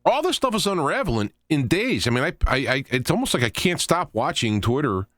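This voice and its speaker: A man's voice: fairly high pitch, very animated, fairly quick, fairly bright tone, no echo, clean studio sound. A man hosting a show, giving rambling, opinionated political commentary as he thinks aloud. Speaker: show host.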